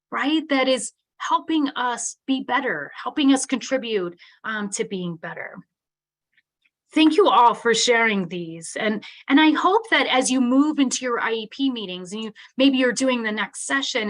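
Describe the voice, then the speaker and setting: A woman's voice: a little high, fairly bright tone. Earnest woman giving an online keynote. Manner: earnest, conversational, frequent "right?" tags. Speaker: keynote speaker on special education. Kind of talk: live online keynote talk.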